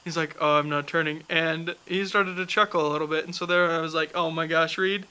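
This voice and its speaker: A man's voice: a little high, little pitch movement, a little fast, bright, forceful tone, a little hiss or hum, poor audio. A young man telling a funny story in a casual chat, laughing often as he goes.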